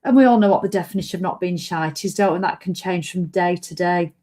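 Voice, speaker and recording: A woman's voice: lowish voice, fast talker, mellow. Woman, middle-aged, fitness vlogger, rambling, self-mocking, chatty. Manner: rambling, self-mocking, breaks into sung jingles. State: hiccups. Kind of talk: chatty live video.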